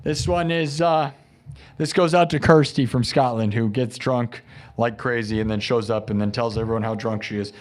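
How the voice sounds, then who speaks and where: A man's voice: medium pitch, steady tone, moderate pace. A man hosting a live music stream, talking casually and rambling between songs. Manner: rambling, chatty, restarts sentences. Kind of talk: casual chat over live looped music.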